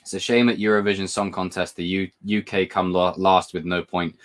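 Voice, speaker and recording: A British man with a deep, fairly flat voice talks briskly as he hosts a livestream. He chats casually, wandering from topic to topic while reading out viewer comments.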